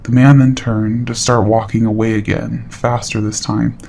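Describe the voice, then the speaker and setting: A man reading a horror story aloud in steady, matter-of-fact scripted narration. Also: mid-range voice, normal speed, vocal fry, a little hiss or hum.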